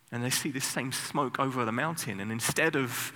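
A man preaching a sermon, telling the story with lively bursts of acted shouting. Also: medium pitch, normal speed, creaky. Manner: animated storytelling, sudden loud acted outbursts. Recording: long hall reverb.

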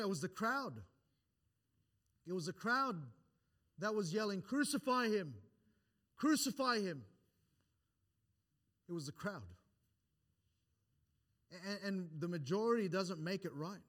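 A pastor preaching a sermon, building his points with rising emphasis, often restarting phrases and quoting scripture in old-fashioned wording. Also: sits high. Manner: restarts and repeated words between points. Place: church.

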